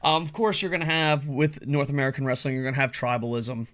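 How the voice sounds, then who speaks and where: A man's voice: medium pitch, fairly even intonation, quick pace, fairly bright tone. A man giving a blunt, profanity-heavy solo opinion rant as a wrestling commentary YouTuber.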